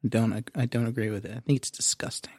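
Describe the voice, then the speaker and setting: A man's voice: mid-range voice, steady tone, fast, darkish tone, no echo, studio quality. A man co-hosting a podcast, swearing freely in laid-back, casual chat. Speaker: podcast co-host.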